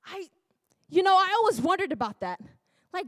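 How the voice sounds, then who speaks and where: A woman's voice: very high voice, sing-song, normal speed, fairly bright tone, no echo. A woman preacher delivering a sermon in a church, often laughing, breaking off and exclaiming to herself. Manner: laughing, self-interrupting, exclamatory.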